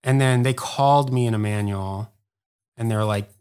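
Low-pitched male podcast guest, rambling casual storyteller. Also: a little mellow, clean tone. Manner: rambling, heavy use of "like", quick bursts. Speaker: podcast guest, former editor.

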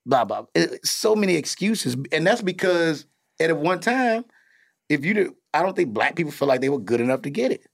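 A man, a comedian and dad hosting a podcast, telling stories in a casual, animated way with plenty of cursing. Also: a little high, normal speed, gravelly. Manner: animated storytelling, cursing freely. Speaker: podcast host; comedian and father.

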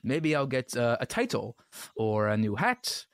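A man's voice: mid-range voice, very animated, measured pace, no echo. A man playing a horse who serves as the queen's advisor. He rambles and stammers in an improvised comedy play. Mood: scheming.

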